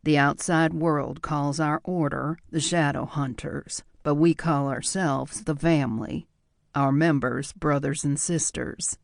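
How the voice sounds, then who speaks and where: A man reading a first-person audiobook in a measured, reflective way. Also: a little high, steady tone, gravelly, no echo, clean studio sound. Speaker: audiobook narrator.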